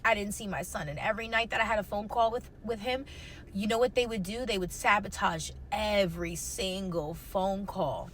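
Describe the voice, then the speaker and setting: A woman's voice: medium pitch, a bit bright, a little hiss or hum. A young woman telling a personal story in a casual storytime, raw and emotional, swearing heavily and repeating herself. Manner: fast, repeating phrases, slangy.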